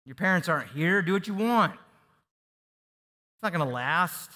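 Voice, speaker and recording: A man's voice: sits high, animated, unhurried, pushed and bright, heavily acted. Man voicing a sneering taunting enemy, mocking and dismissive, long hall reverb.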